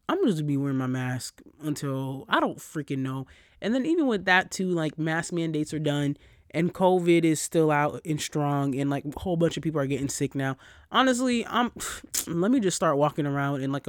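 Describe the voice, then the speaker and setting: A podcast host with a slightly high voice records a casual solo show in clean, studio-quality sound with no echo. Still recovering from a cold, he rants and tells stories in an animated, profane way, swearing a lot.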